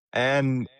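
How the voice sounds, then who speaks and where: A young man, a caddie, telling a story as a guest in a casual podcast interview, animated and laughing often, restarting his phrases. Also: medium pitch, clear, resonant tone, no echo, clean studio sound. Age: young adult.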